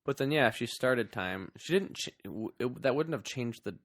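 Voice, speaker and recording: A man's voice: medium pitch, lively intonation, a bit bright, dry recording. A male podcast co-host in loose chat, dropping wry one-liners and short asides in a mid-range voice. The mic sound is dry and close. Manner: wry, chimes in with quick jokes and side comments. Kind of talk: casual comedic movie recap chat.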